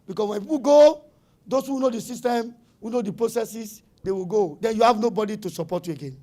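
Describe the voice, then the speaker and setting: A middle-aged man with a Nigerian accent giving an animated conference talk to business owners, emphatic and repetitive, slipping into pidgin phrases. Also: high voice, brisk. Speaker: summit speaker.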